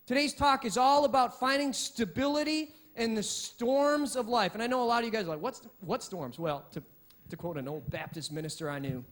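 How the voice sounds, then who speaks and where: High-voiced male pastor preaching. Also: a little fast. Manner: lively, conversational preaching with frequent restarts. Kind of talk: sermon.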